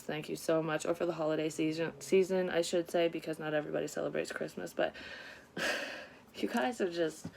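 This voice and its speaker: A woman giving a casual psychic reading to her viewers, rambling, sighing and swearing freely as she talks. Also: on the low side. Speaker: psychic medium doing a reading.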